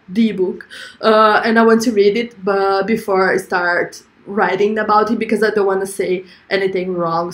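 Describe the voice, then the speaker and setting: Woman, stream host, fairly high voice; chatty, giggly, stumbles and restarts. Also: fairly bright tone. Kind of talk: casual live-stream chat.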